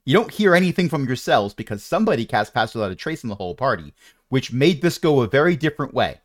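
Joking game master with lively pitch. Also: fast talker, no echo. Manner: dry, joking delivery. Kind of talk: narrating a tabletop game.

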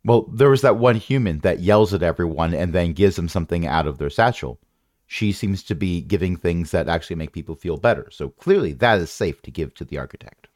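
Man, game master, low voice, very lively pitch, wry rambling, dry sound. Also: a little fast, dry recording. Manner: rambling, self-correcting, wry. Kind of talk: narrating a tabletop game.

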